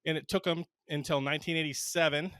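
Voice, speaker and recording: A man's voice: a little high, fairly even intonation, fast talker, fairly bright tone, clear, resonant tone, no echo. A man in his thirties co-hosting a casual podcast, joking and rambling through his explanations. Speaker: podcast co-host.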